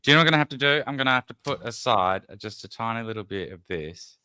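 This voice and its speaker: A man's voice: medium pitch, expressive, fast talker, pushed and bright, clear, resonant tone. A man making dry, sarcastic quips in a casual chat.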